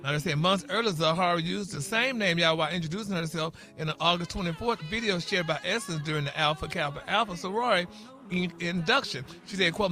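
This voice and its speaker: A man dishes celebrity gossip on a morning radio show, and his voice sits high for a man. His tone is bright and sharp. He is sassy and opinionated, drops "honey" and "y'all" into every line, and argues back at his co-hosts. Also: fast talker. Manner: animated, opinionated, bickers with co-hosts.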